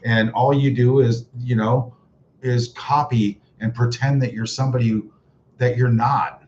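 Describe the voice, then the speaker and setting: A man's voice: mid-range voice, steady tone, a little slow, a little mellow. Sarcastic man on a lo-fi livestream. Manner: mocking, sarcastic, chuckles often. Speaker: livestream host reading chat. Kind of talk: casual livestream chat. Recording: dull lo-fi livestream audio with faint noise.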